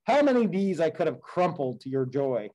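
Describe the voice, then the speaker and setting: Man reading old king laertes, frail and grieving, warm mellow voice. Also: a little high, very animated, fairly quick, low-quality recording. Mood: longing. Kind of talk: read-aloud epic poem dialogue.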